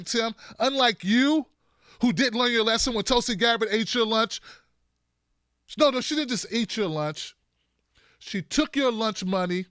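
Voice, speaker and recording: High, bright-voiced mocking political commentator. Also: male voice, clear, resonant tone, no room sound, studio quality. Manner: animated, mocking, does impressions of politicians.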